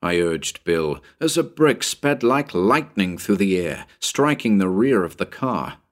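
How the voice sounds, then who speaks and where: Male narrator with a low voice, reading pulp fiction dramatically with lively pitch swings. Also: unhurried. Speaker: narrator and channel host.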